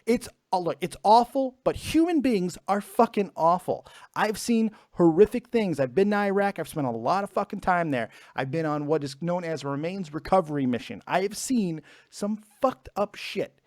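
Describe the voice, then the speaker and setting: A man hosting a casual podcast, ranting with lots of swearing in an animated way. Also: high-pitched, normal speed, hardly any pauses, no room sound, clean studio sound. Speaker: podcast host. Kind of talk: casual chat.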